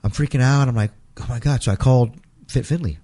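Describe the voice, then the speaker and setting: A middle-aged man as an interview guest, telling an emotional personal story in a halting way, repeating words and acting out quotes. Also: medium pitch, mellow.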